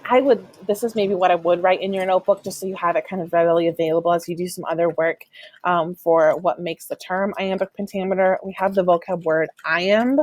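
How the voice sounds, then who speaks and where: A woman's voice: on the low side, no room sound. A woman teacher giving a recorded online lesson, explaining patiently with many "um" fillers and sounding out stress patterns. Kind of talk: recorded online class lecture.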